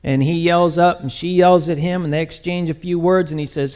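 A man preaching a sermon, retelling a scripture story in a lively, conversational way with sudden loud bursts. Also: fairly high pitch, a little fast, smooth. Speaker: pastor.

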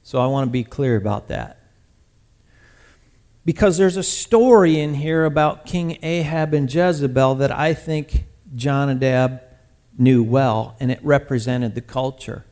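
A man preaching a sermon, retelling a scripture story in a lively, conversational way with sudden loud bursts. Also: medium pitch, unhurried. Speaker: pastor.

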